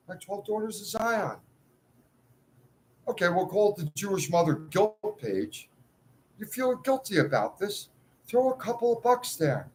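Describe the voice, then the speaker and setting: A man's voice: sits high, sing-song, unhurried, long pauses, slight background noise, rough recording. A man in a ranting monologue to his followers, agitated and pleading, swinging between outbursts and muttered asides. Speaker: self-styled cleric addressing followers.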